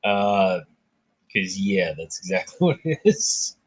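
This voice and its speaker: A man's voice: low-pitched, slow pace, husky. A man hosting a casual book discussion, retelling myths in his own words. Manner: animated retelling, voicing characters briefly.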